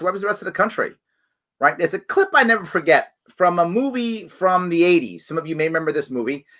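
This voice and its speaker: A middle-aged man hosts a live online show. His voice is bright and sits high. He talks conversationally, with emphatic asides and frequent "right?"s. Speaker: show host.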